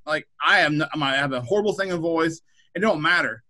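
A man's voice: a little high, a little fast, bright, forceful tone, poor audio. A man, a middle school principal, chatting casually on a podcast, rambling with frequent repeated words and restarts. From Kansas.

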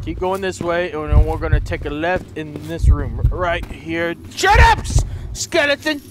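A young man playing a horror game, talking to his viewers, swearing and yelling in panic at the monsters. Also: a little high, very animated, measured pace, background noise. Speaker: let's play gamer. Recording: loud game music behind. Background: game music.

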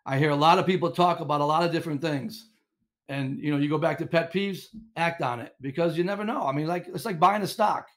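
A middle-aged man telling coaching stories as a podcast guest, animated and rambling with lots of restarts. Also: a little high, fast talker. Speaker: guest, inventor and former coach. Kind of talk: casual storytelling interview.

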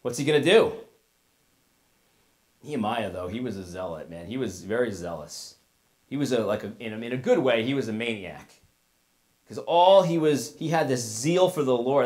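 A man preaching a sermon as pastor in a casual, conversational way, retelling a story with asides and lively paraphrase. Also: medium pitch.

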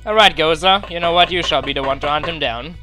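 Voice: medium pitch, fast talker, bright, forceful tone, faint music behind. A let's play commentator giving casual, gleeful commentary with a scratchy throat, talking to the soldiers on screen. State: throat acting up, clearing it.

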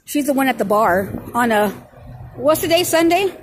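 High pitched woman filming on a city street, sarcastic running commentary to her viewers, faint hiss in the background. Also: animated, normal speed. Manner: sarcastic and confrontational, raises her voice to argue. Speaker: filming auditor.

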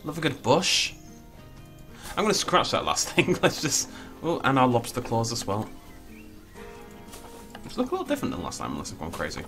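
A man's voice: medium pitch, wildly swooping pitch, moderate pace, pauses often, over music. A man giving casual, playful commentary while he plays a video game, full of jokey asides. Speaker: let's play host.

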